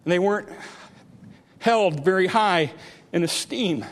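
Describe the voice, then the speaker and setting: Male preacher, high voice, dramatic sermon style with shouted peaks, long church-hall reverb. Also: unhurried. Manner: dramatic, rising to shouts, repetitive emphasis.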